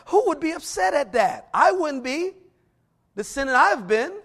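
A middle-aged man delivers a sermon in a noticeably high voice. He draws out the verses he reads, then moves into quick, lively personal stories with plenty of bursts of emphasis. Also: husky. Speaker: preacher.

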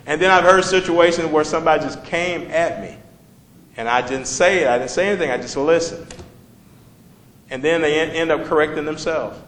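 A man with a fairly high voice preaches in a loose, talky way, stopping to quiz his listeners and read out verses. The room around him rings with echo. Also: normal speed, fairly bright tone. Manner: conversational, asks the congregation questions. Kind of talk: sermon.

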